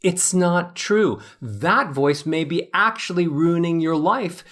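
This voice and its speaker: A man's voice: fairly high pitch, lively intonation, slow, a bit bright. A man in his fifties, a voice coach, explaining with animation and acting out examples as an interview guest.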